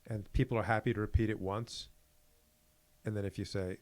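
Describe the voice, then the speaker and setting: A middle-aged man tells anecdotes on a podcast in a lowish voice. He acts out the other people in the story as he goes and swings between a hushed and a lively delivery. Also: brisk. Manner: animated storyteller, acts out exchanges. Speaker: podcast co-host. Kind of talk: casual podcast chat.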